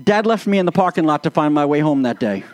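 A man's voice: fairly high pitch, animated, fast, no room sound. A man preaching a sermon, telling playful, self-mocking stories and stretching words for emphasis. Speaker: pastor.

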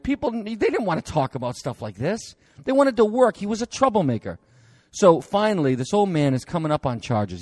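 Animated man lecturing by storytelling. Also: fairly high pitch, no echo, clean studio sound. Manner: chatty and animated, many fillers and restarts, laughs at own stories.

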